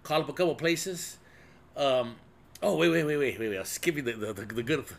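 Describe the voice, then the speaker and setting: A man's voice: medium pitch, brisk, gravelly. A middle-aged man telling a rambling, profane story in casual chat, with lots of "dude.". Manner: profane, rambling, animated storyteller who keeps saying "dude".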